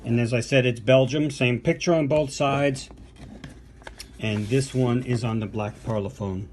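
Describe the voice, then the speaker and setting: An older American man, a podcast co-host who collects vinyl, digs through a box of records in a casual unboxing show-and-tell, chatting with enthusiasm and plenty of fillers and asides. His medium-pitched voice is a little mellow and moves at a measured pace. There's slight background noise.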